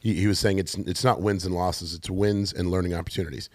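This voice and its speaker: A male podcast co-host with a fairly low voice, playful and teasing, who laughs easily and explains his points through analogies. The sound is dry and close to the mic. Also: fairly even intonation, fairly quick, no room sound. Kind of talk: casual podcast conversation.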